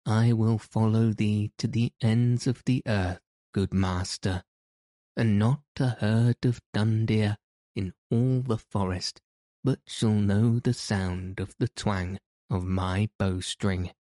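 A man's voice: fairly low pitch, fairly even intonation, slow pace, dark tone, dry recording, studio quality. A man reading the part of a bold, joyful tradesman in an old-fashioned storybook. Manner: bold, eager, archaic speech. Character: bold, joyful burly male tanner. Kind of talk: audiobook character reading.

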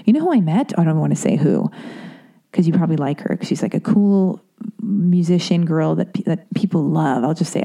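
A woman's voice: fairly low pitch, dark tone. A woman hosting a podcast, telling a long casual story in a chatty, profane way full of asides and tangents. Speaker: podcast host.

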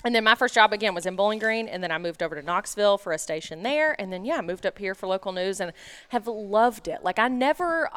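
A woman's voice: medium pitch, quick pace, smooth. A young woman from Tennessee who works in local TV news, co-hosting a podcast in a chatty, storytelling way. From Tennessee, USA. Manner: chatty, lively storytelling with laughs. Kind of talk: casual chat.

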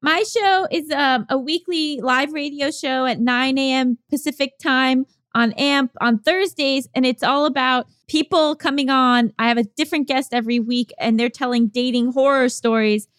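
A woman's voice: sits high, steady tone, normal speed, few pauses, fairly bright tone, clean tone, no room sound, clean studio sound. A young woman co-hosting a podcast in casual chat, giggly and playful, reading a listener's letter aloud. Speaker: podcast co-host.

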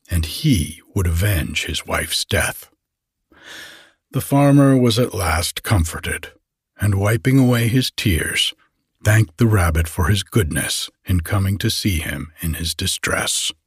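A man with a husky voice reading a folk tale aloud in a measured, unhurried storybook style. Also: on the low side, dry recording, clean studio sound.

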